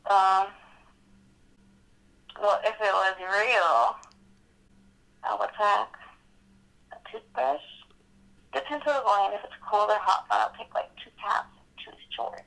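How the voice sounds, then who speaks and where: A young woman talks to a friend on a phone call, her voice gravelly with a bright, sharp edge. She rambles bluntly and loudly, saying whatever comes to mind. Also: medium pitch, slow, long pauses. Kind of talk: casual phone chat.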